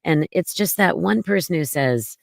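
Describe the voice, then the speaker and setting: Woman, podcast guest, low voice, slow gentle reassuring talk, dry close sound. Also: animated, creaky, dry recording. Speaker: podcast guest, mommy domme. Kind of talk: casual interview talk.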